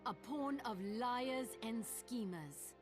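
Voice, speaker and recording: A woman's voice: fairly high pitch, lively intonation, slow pace. An actress voicing a zealous, solemn young woman rebel leader in a video game, speaking in a grave, preaching way. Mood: scornful. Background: game music.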